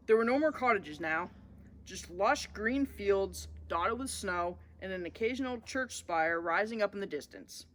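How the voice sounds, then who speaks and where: A woman reading a children's storybook aloud in an expressive way, as the show's host. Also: mid-range voice.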